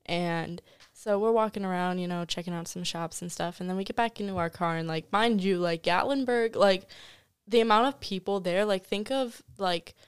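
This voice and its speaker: A woman's voice: mid-range voice, moderate pace, few pauses, smooth, dry recording, studio quality. A woman guest on a podcast, telling a rambling story full of "like" fillers in a casual chat. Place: host's home studio.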